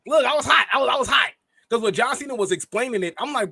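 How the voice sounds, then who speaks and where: High-voiced animated man co-hosting a podcast. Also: creaky, husky, dry recording. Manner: animated, quick laughs and self-interruptions. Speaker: podcast co-host. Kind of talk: casual wrestling reaction chat.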